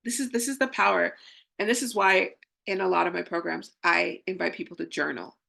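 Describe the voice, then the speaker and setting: A woman's voice: lowish voice, fairly even intonation, brisk, gravelly, pushed and bright. A young adult woman, a spiritual coach, chatting casually and acting out inner voices with frequent laughs. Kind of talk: casual spiritual teaching talk.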